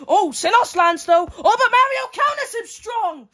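A woman giving excitable play-by-play fight commentary, full of exclamations and counts. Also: very high-pitched, a little slow.

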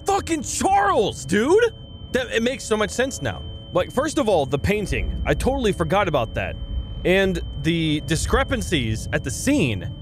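Excitable young guy playing a game, swears a lot, says dude, lively high-ish voice, music going. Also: normal speed. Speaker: let's play gamer. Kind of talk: casual gameplay commentary.

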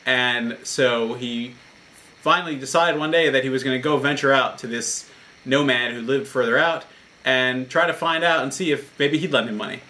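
A man's voice: medium pitch, moderate pace, pushed and bright. A man, a rabbi, giving a short Torah talk in an earnest, explanatory storytelling manner.

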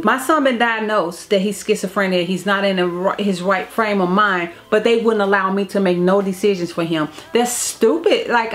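A woman telling a personal family story to her vlog viewers in a candid, emotional way, often repeating phrases. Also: mid-range voice. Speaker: vlogger. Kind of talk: casual storytime to camera.

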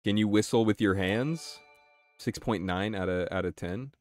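A young man chatting casually on his game live stream, excitable, swearing and reacting to chat. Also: fairly low pitch, normal speed, faint music behind.

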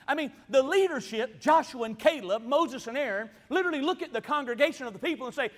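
Fervent high-voiced preacher. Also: male voice, expressive, quick pace, few pauses. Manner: fervent preaching with emphatic repetition. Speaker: pastor. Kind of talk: sermon. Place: church sanctuary. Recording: long reverb of a church hall.

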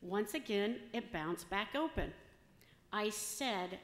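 A woman's voice: medium pitch, a little slow. A woman telling a joke to a church congregation in a chatty, casual way. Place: church sanctuary. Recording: echoey church hall with long reverb.

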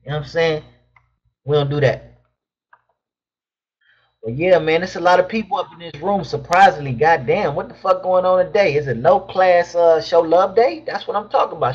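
A young man with a high voice hosts a casual live stream from home. He reads chat questions aloud and answers them in loose, slangy banter. His webcam mic sounds dull and lo-fi. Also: husky. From Southern California.

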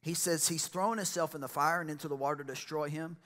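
A man preaching a lively sermon, building to loud excited shouts and exclamations. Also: a little high, fast talker, hardly any pauses. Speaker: pastor.

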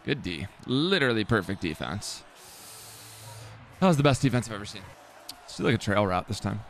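A young man giving live commentary while playing a video game, swearing and repeating himself, sometimes breaking into yells. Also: on the low side, a little fast, soft background music. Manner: swears and mutters the same phrase over and over; excitable, jumps into yelling.

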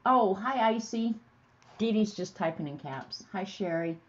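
Woman host, casual stream chat, laughs easily, mid pitch, dull lo-fi sound. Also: expressive, unhurried.

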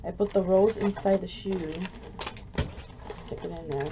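A woman's voice: mid-range voice, measured pace, lo-fi sound. A woman vlogger chatting casually while making a gift, easily frustrated and swearing often. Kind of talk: casual craft vlog chat. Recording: faint background noise.

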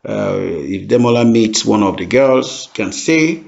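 A middle-aged man teaching beginners as a language teacher, speaking slowly and repeating each phrase carefully. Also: on the low side, vocal fry, darkish tone. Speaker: French teacher. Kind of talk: language lesson. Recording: dull lo-fi sound.

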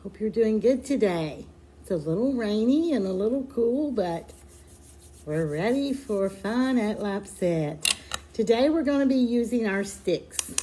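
A children's librarian leading a sing-along storytime for babies, slow, sing-song and encouraging as she sings nursery rhymes and reads. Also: on the high side, lively intonation, warm tone, a little hiss or hum.

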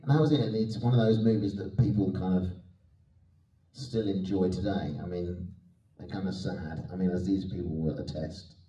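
Deep, dark-voiced man in an echoey hall. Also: fairly even intonation, moderate pace. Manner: chatty, self-deprecating, laughs often. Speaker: guest actor on a convention panel. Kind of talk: anecdotal panel Q&A. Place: convention hall. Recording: echoey hall, mic at a distance.

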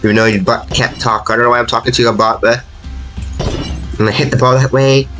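A man's voice: medium pitch, steady tone, brisk, a bit bright. Frantic young man commentating his gameplay. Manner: frantic, pleading and self-mocking. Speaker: gaming YouTuber. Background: game music.

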